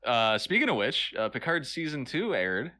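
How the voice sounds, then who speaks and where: A man co-hosting a comedy podcast, playing along with dry, deadpan asides. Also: mid-range voice, normal speed. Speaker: podcast co-host. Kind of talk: comedic in-character podcast chat.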